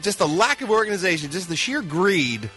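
A man's voice: high voice, very animated, fairly quick, pushed and bright, faint music behind. A man co-hosting a morning radio show, giving emphatic opinions. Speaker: radio co-host.

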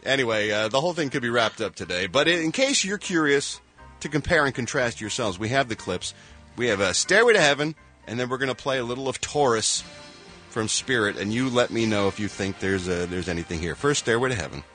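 A man hosting a radio show, joking around with deadpan mock-solemn asides. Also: medium pitch, brisk, soft background music. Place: radio studio.

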